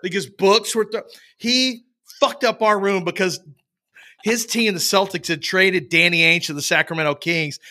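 A man hosting a casual chat, telling lively stories and acting out the people in them. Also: sits high, moderate pace. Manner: animated storyteller, acts out quoted voices.

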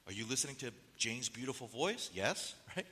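A man's voice: mid-range voice, big pitch swings, moderate pace, pushed and bright, long reverb tail. A man preaching a sermon as pastor, with a nasal voice, pressing the congregation with rhetorical questions and reading quotes aloud. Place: church sanctuary.

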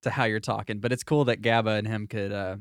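A man's voice: lowish voice, fairly even intonation, fast talker, dry recording, clean studio sound. A man hosting a casual podcast chat, rambling with fillers and restarts. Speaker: podcast host.

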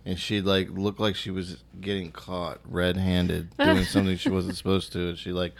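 A man chatting casually as co-host, making dry, deadpan remarks. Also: low-pitched, moderate pace, vocal fry, background noise. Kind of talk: casual chat.

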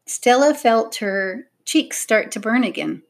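A woman narrating a children's audiobook in an expressive, measured storytelling manner. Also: fairly high pitch, creaky.

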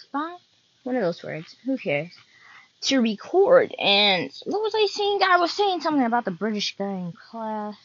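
A woman's voice: on the high side, very animated, normal speed, no room sound, muffled recording. A young woman hosting her own podcast, chatting casually and rambling from one topic to the next. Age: young adult. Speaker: podcast host.

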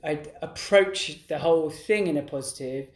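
A man's voice: a little high, normal speed. Middle-aged male co-host, casual and rambling, recorded in an echoey room. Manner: rambling, many restarts and "like"s. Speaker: podcast co-host. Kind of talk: casual conversation. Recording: roomy echo.

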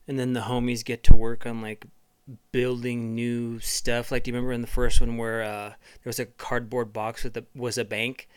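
A man hosting a podcast, telling a rambling, profane comedic monologue with lots of halting fillers. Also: mid-range voice, flat delivery, smooth. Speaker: podcast host.

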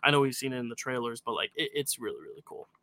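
A man's voice: mid-range voice, fast talker, bright, forceful tone, no room sound. A man co-hosting a casual podcast, rambling enthusiastically. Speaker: podcast co-host. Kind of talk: casual chat.

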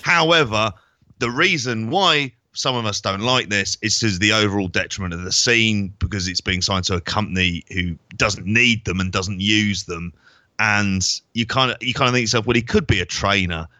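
A man co-hosting a wrestling podcast, giving wry, measured opinions in casual chat. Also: lowish voice, bright, forceful tone, no room sound. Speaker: podcast co-host.

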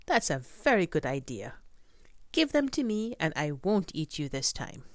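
A woman voicing a boastful, hungry male tiger in a children's storybook reading, with a drawn-out growling manner. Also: low voice, big pitch swings, no echo, studio quality. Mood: scheming.

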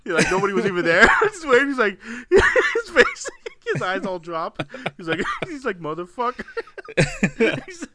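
A man's voice: high-pitched, wildly swooping pitch, moderate pace, pushed and bright. A man co-hosting a podcast, chatting casually and laughing often as he retells stories and acts out what people said. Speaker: podcast co-host. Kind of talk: casual chat.

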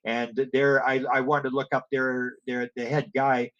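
Man, rambling anecdotal storyteller, mid-pitched voice, slightly muffled lo-fi sound. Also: little pitch movement, a little slow, a bit bright. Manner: digressive storyteller, acts out quoted exchanges, many restarts. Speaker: guest telling stories about music and alien experiencers. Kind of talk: rambling anecdotal interview talk.

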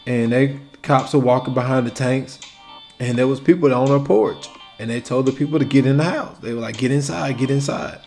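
Male solo podcast host, casual conversational delivery, medium pitch, faint music under the voice. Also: brisk, dark tone. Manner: casual, conversational, acts out quoted exchanges.

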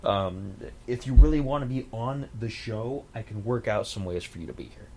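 A man's voice: medium pitch, lively intonation, moderate pace, warm tone, slight background noise. A man co-hosting a casual podcast, talking in a laid-back, wry way. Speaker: podcast co-host. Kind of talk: casual chat.

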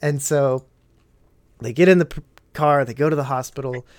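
A man with a mid-range voice and moderate pace hosts a podcast over a video call. An animated storyteller in casual chat, he swears a lot and laughs as he tells his stories.

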